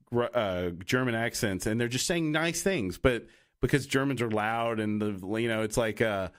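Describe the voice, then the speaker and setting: A man co-hosting a podcast in casual chat, rambling through tangents and restarts and acting out quoted lines. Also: medium pitch. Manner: acts out quoted voices. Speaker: podcast co-host.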